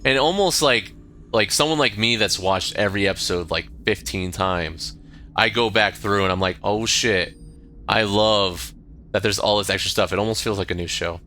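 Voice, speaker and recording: Bright-voiced American man chatting casually. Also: lowish voice, normal speed, a little hiss or hum. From United States. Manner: rambling, swears freely, lots of fillers. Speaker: streamer. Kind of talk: casual stream chat.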